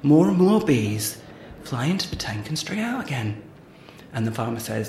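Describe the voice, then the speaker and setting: A man's voice: medium pitch, big pitch swings, moderate pace, gravelly, darkish tone. Man, podcast co-host, theatrical joke teller, roomy sound, faint hiss. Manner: theatrical, laughs at his own jokes. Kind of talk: playful comedy sketch and joke telling.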